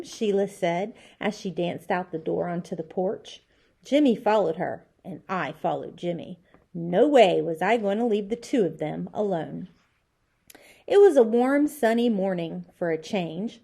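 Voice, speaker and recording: A woman teacher reading a children's chapter book aloud with expressive storybook delivery. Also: medium pitch, moderate pace, husky.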